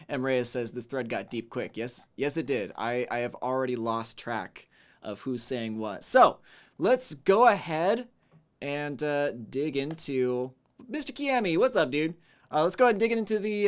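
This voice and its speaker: A man hosting a casual livestream, greeting viewers and reading chat messages aloud, relaxed and chatty, humming to himself between messages. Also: mid-range voice, clean tone.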